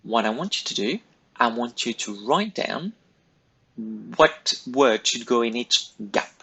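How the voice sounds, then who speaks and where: A male teacher with a slightly husky, breathy voice at a mid pitch talks pupils through a recorded lesson. He is patient and methodical, setting out each step in turn. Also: very animated, measured pace, a bit bright, low-quality recording. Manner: patient, step-by-step, clearly paced directions to pupils. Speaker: French teacher. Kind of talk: recorded classroom lesson instructions.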